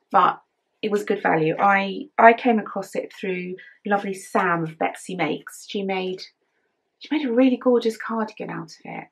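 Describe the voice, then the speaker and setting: Tired, husky English woman chatting. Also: medium pitch. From England. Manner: chatty, rambling, with fillers and giggles. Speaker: knitting podcast host. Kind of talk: casual chat.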